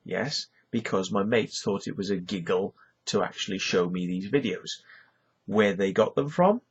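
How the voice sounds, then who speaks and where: A middle-aged YouTuber from Wales gives a loose, rambling monologue to camera, using "you know" over and over. His voice is low, gravelly, and deeply husky, and the recording sounds muffled and lo-fi.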